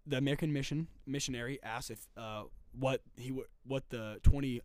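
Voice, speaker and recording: A man's voice: mid-range voice, steady tone, a little fast, a little mellow, smooth, dry recording. A man co-hosting a casual faith podcast, telling a story emphatically with repetition and swings in intensity.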